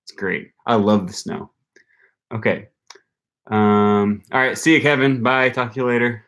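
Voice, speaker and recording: Hosting a relaxed livestream for his language-learning channel, a young man from Wisconsin speaks with a Wisconsin accent, thinking aloud to viewers amid plenty of ums and likes. His voice is mid-range and fairly bright, with fairly even intonation and an unhurried pace.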